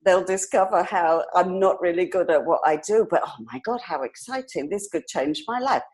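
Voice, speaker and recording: A woman in her sixties with a British accent that carries some New York twang. She tells her stories in a lively way, acting out quoted voices and laughing often. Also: fairly low pitch, moderate pace, rough recording. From Britain. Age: 60s. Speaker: hair industry educator and guest. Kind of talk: casual podcast interview.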